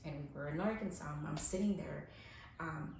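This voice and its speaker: A woman around forty telling personal stories frankly and candidly. She swears freely and swings between soft reflection and animated laughter. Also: sits low, moderate pace, gravelly, a little hiss or hum. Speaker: podcast guest. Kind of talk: candid conversational storytelling. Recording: very echoey room.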